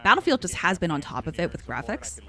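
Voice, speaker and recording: A woman's voice: fairly low pitch, very animated, fast talker, a bit bright. A woman streamer giving chatty live reaction commentary, musing aloud about what she sees.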